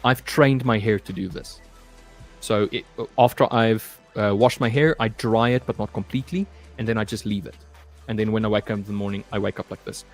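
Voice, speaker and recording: A man's voice: fairly low pitch, fairly even intonation, fairly quick, soft background music. A young man hosting a live trading stream, chatting casually and reading viewer comments aloud. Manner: reads viewer comments aloud and chats loosely, saying "mate" often.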